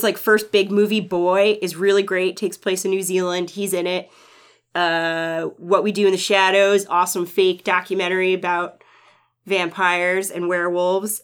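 A man co-hosting a casual movie podcast, relaxed and enthusiastic. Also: sits high, normal speed, clean tone. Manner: laid-back, enthusiastic about films. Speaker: podcast co-host.

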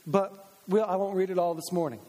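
A man preaching a sermon as pastor, energetic and repetitive, restating his points for emphasis. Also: sits high, a little fast, in a large hall. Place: church sanctuary.

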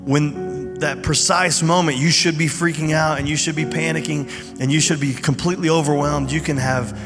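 Man, pastor, casual conversational sermon, long hall reverb, soft music behind. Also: fairly high pitch, fairly even intonation, moderate pace. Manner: conversational, informal preaching with fillers. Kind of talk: sermon and prayer.

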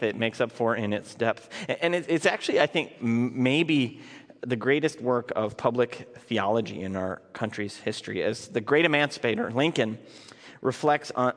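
A man preaching a sermon in a church sanctuary, talking in an earnest, conversational way. He stumbles and restarts his phrases as he goes. His mid-range voice carries a long reverb from the large hall. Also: mid-range voice. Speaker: pastor.

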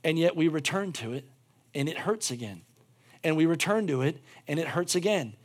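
High-voiced preacher man, fervent and repetitive. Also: animated, normal speed, husky. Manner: swings from shouted fervor to quiet intimate appeals; repeats phrases for emphasis. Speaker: pastor. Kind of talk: sermon.

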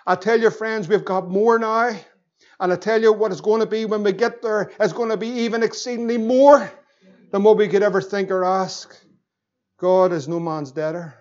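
A middle-aged Northern Irish pastor preaching with fervour, pushing up into shouts at the peaks. His voice sits high for a man. The recording is dull and lo-fi. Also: fairly even intonation, normal speed. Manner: impassioned, rising to shouts, acts out the devil's voice. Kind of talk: sermon.

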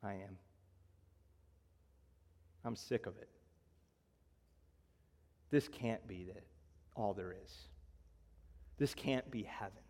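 Preaching man in a reverberant hall. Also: lowish voice. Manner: rises loud for emphasis, drops soft and slow for appeals. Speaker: pastor. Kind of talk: sermon.

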